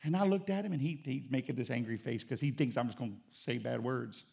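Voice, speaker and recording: A man's voice: mid-range voice, fast, creaky, dark tone, slightly rough. A middle-aged man preaching a sermon as pastor, telling stories and calling on the church for an amen. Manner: storytelling with call-and-response.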